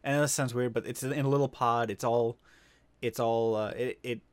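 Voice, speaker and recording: A man hosting a podcast in a middle-pitched voice, rambling through his thoughts with plenty of swearing and restarts. His voice is recorded dry and close, with no room sound. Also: fairly even intonation, normal speed, clean tone, dry recording. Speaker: podcast host. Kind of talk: casual chat.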